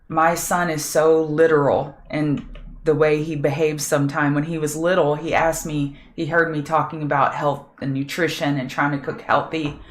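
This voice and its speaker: Low-voiced woman hosting a trading stream. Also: little pitch movement, moderate pace. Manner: chatty, reads viewer names, thinks aloud over charts. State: scratchy voice. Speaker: trading show host. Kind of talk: live market prep chat with viewers.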